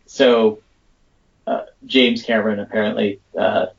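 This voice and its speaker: A man's voice: fairly low pitch, fairly even intonation, unhurried, vocal fry, husky, lo-fi sound. A man co-hosting a casual movie podcast, rambling and thoughtful, with lots of fillers. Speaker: podcast co-host.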